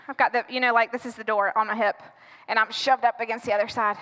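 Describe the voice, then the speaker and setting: A woman pastor telling a dramatic personal story in a sermon, acting out her own panic with lively animation. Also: fairly high pitch, quick pace, in a large hall. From United States.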